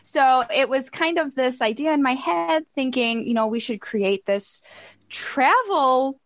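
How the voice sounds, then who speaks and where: Bubbly American woman, higher voice. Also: animated, a little slow, no room sound. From Buffalo, New York, USA. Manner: bubbly, laughs often, many ums. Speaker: guest, travel blog founder. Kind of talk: casual interview chat.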